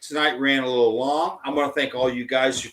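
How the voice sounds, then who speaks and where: A man hosting a podcast, telling a crude army story in a profane, animated way. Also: mid-range voice, brisk, reverberant, a little hiss or hum, poor audio. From United States. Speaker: podcast host. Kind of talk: casual podcast chat, storytelling.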